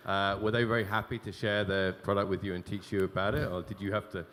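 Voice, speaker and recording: A man's voice: on the low side, little pitch movement, fast talker, fairly bright tone, long reverb tail, a little hiss or hum. A man interviewing, asking polite, slightly hesitant questions.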